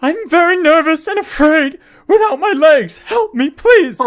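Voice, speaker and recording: A man voicing a fussy, theatrical man with a mechanical leg who wails and pleads in a high voice. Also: lively intonation, measured pace, a bit bright, heavily acted. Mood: pleading. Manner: dramatic shrill pleading.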